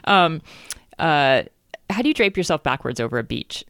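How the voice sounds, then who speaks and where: A woman co-hosting, reading erotic fiction aloud in a deadpan way and breaking off with wry asides. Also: sits low, normal speed, dry recording, clean studio sound. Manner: deadpan narration broken by wry asides and laughter.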